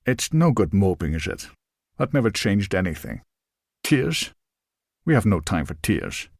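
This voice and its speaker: A man's voice: lowish voice, sing-song, unhurried, vocal fry, a little mellow, no room sound, clean studio sound, full character voice. A man voicing a tall, balding older man who speaks in brusque, clipped lines in an audiobook. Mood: gruff. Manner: curt, clipped replies. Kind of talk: audiobook character voice.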